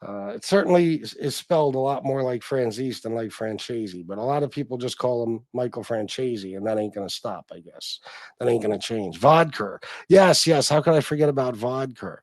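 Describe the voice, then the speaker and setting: A man's voice: mid-range voice, expressive, moderate pace, dry recording. A man, chatting casually on a livestream as host, swearing freely and answering viewers.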